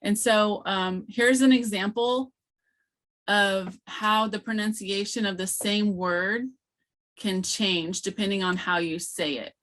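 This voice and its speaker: A woman leading an online training session as a language teacher trainer, explaining sounds patiently and slowly, with many fillers, heard through a computer mic on a video call. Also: mid-range voice, fairly even intonation, fairly bright tone.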